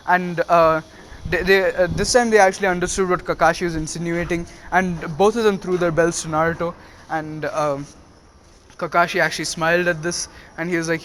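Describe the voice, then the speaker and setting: A man's voice: fairly high pitch, flat delivery, normal speed, fairly bright tone, a little hiss or hum. A young man casually retelling a fan story, rambling with lots of fillers and little laughs.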